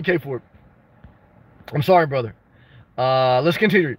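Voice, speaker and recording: A man hosting a casual livestream, answering viewer comments with blunt, jokey advice and bursts of excitement. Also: medium pitch, unhurried. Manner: reads and responds to viewer comments. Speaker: livestream host answering chat.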